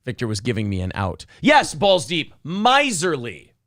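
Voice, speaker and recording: A man's voice: mid-range voice, very animated, moderate pace, fairly bright tone, no echo, clean studio sound. A man hosting a casual podcast, joking crudely and ranting, reading out chat comments. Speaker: podcast host.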